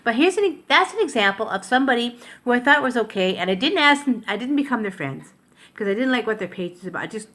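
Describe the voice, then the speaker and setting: A woman's voice: fairly high pitch, very animated, fast talker, a bit bright. An older woman from Canada chatting to camera from her kitchen, rambling and interrupting herself as she talks, recorded on a tablet. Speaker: vlogger. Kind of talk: casual chat to camera. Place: home kitchen.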